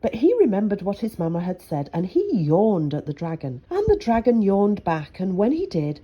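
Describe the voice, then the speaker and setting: A woman reading a children's picture book aloud, expressive and chatty with asides. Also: mid-range voice, normal speed, slightly rough, highs cut off. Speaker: storyteller.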